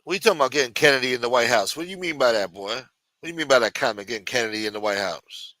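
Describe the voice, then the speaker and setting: Bright-voiced man ranting on a livestream. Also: medium pitch, racing, no room sound. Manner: rambling, profane, sarcastic. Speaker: host. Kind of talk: casual livestream commentary.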